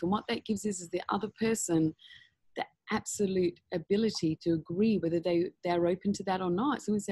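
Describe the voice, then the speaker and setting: Chatty woman guest, husky low-ish voice, talks candid and animated, dry close sound. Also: fairly quick, dry recording. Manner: frank, animated, laughs often, lots of fillers. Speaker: interview guest. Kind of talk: candid conversational interview.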